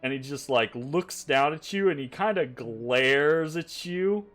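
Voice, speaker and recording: A man's voice: fairly high pitch, lively intonation, unhurried, fairly bright tone, soft background music. A man game master narrating a tabletop game in a chatty way, laughing and restarting often.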